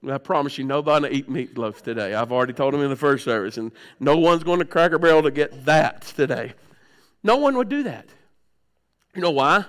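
A middle-aged man preaching a sermon, swinging from loud outbursts to hushed low tones and often clearing his throat. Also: big pitch swings, brisk. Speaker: pastor.

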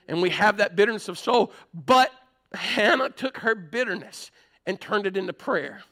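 A man pastor, preaching a sermon from a church pulpit. He tells stories earnestly and swings between loud and hushed. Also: high voice, animated, moderate pace.

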